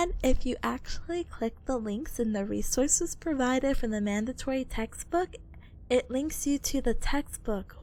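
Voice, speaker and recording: A young woman talks to her live viewers in a very high, animated voice, full of bubbly giggles. She is sick but stays chatty and playful as she streams. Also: measured pace. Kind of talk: casual live-stream chat.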